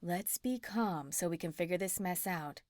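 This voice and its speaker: A woman voicing a kind, motherly witch who speaks in a soothing, hushed way. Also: fairly low pitch, normal speed, dry recording, studio quality, close to an everyday voice.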